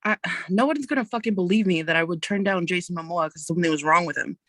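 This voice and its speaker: A woman's voice: fairly low pitch, quick pace, a bit bright, no room sound. Sassy, frank woman guest, dry sound. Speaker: podcast guest. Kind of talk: casual podcast chat.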